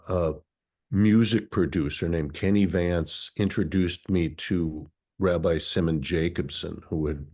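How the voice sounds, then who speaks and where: A man's voice: extremely low pitch, darkish tone. A man around sixty, from Minnesota, speaking as an interview guest. He tells reflective, articulate stories. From Minnesota, USA. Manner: thoughtful, articulate, philosophical.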